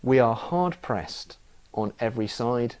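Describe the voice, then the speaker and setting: A man's voice: mid-range voice, expressive, measured pace, darkish tone. A man preaching a sermon, telling stories with self-mocking humour.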